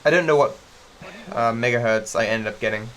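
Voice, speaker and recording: A man from Australia with a mixed accent that doesn't sound typically Australian chats casually while streaming a game. His mid-range, somewhat bright voice moves a little fast as he rambles with lots of fillers and restarts, swearing freely.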